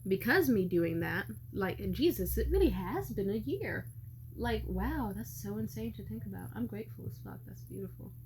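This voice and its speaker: A woman's voice: mid-range voice, animated, moderate pace, background noise. A woman in her twenties telling a story in a casual vlog, rambling and swearing freely with lots of "like". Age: 20s. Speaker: vlogger.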